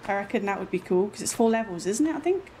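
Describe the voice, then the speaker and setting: A woman, chatting casually and excitably while streaming a game. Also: mid-range voice, fast. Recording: noisy background.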